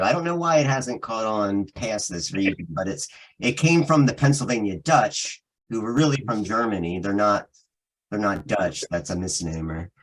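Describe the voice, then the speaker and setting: A man's voice: lowish voice, poor audio. A man with a thick Philadelphia accent in a casual band chat, rambling and laughing as he explains things. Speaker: band member.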